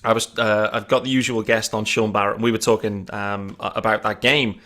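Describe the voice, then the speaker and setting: Animated man podcast host. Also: lowish voice, brisk. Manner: animated, laughs easily. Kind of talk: casual podcast chat.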